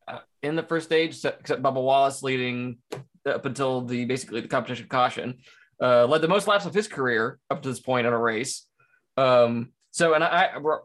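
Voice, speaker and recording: A man's voice: fairly high pitch, a bit bright. A man co-hosting a casual podcast chat, talking with lots of fillers, restarts and hesitant starts. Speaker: podcast co-host. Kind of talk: casual chat about motor racing.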